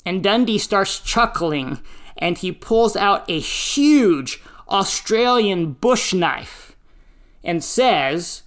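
Pastor preaching slow and steady, leaning on each word, middle pitch. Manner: slow, deliberate, emphatic phrasing. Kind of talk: sermon with scripture reading.

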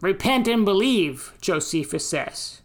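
Slow, deliberate American woman preacher. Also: mid-range voice, expressive. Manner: slow, deliberate teaching delivery with emphatic quotes. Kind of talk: sermon on scripture and history.

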